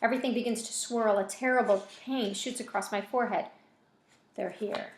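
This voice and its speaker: A woman's voice: fairly high pitch, fairly even intonation, normal speed, reverberant, a little hiss or hum. A woman reading a novel aloud in an informal way, with casual self-correcting asides between chapters. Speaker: reader of a novel.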